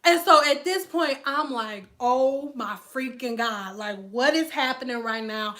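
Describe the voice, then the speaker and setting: A young woman hair stylist casually telling a story to her viewers in an animated, chatty, slangy way. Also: sits high, a little slow. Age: young adult.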